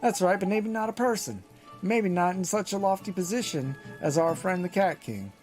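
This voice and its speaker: Chatty Welsh fairy sidekick, a man putting him on, folksy and slightly high, over faint game music. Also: moderate pace, a little mellow, close to an everyday voice. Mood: exasperated. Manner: folksy, sing-song, lots of tag questions. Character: chatty small male fairy sidekick, cheeky. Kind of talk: reading game dialogue aloud.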